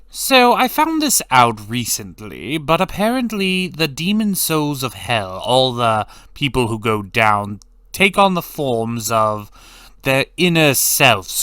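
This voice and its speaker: A man's voice: medium pitch, very animated, slow pace, pushed and bright, clean tone, no room sound. A man giving a blunt, sarcastic recap of a cartoon episode, swearing freely in casual commentary. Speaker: cartoon reviewer.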